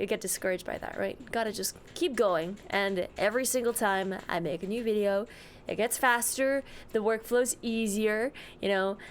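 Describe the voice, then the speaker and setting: A woman live-streaming in a casual, rambling way, greeting her chat by name and slipping into silly voices. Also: fairly high pitch. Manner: playful, drops into silly voices.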